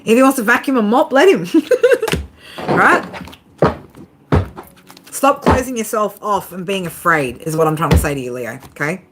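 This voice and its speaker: A woman's voice: mid-range voice, normal speed, long pauses, very noisy. A woman giving a casual tarot reading to her viewers, swearing freely, laughing often and talking straight to them. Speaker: tarot reader.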